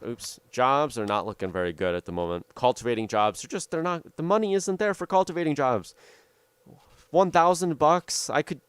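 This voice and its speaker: A man's voice: mid-range voice, clean tone, dry recording. A young man chatting casually to viewers on a live game stream, rambling and correcting himself, recorded at home on a studio microphone. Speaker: gaming streamer. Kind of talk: casual live-stream chat while playing. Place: home room with rain outside. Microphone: studio dynamic microphone, volume turned up. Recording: rain and outdoor noise behind.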